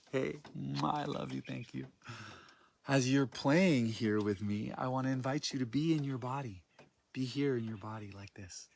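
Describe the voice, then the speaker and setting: A man guiding a group through prayer and vocal practice, speaking in a soft, loving, grounded tone and drawing his phrases out invitingly. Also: mid-range voice, gravelly, slight background noise. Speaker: spiritual workshop facilitator.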